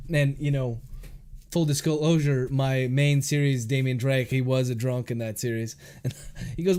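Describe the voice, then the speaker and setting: A man's voice: medium pitch, moderate pace, darkish tone, clear, resonant tone. A man who dictates his novel aloud, speaking the punctuation, then chats casually and jokes with his livestream viewers. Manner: speaks punctuation aloud, chatty and joking between chapters. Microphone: studio microphone.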